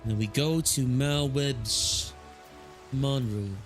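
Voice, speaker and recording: A man's voice: medium pitch, slow, faint music behind. A man streaming a video game, musing aloud in casual commentary with self-corrections.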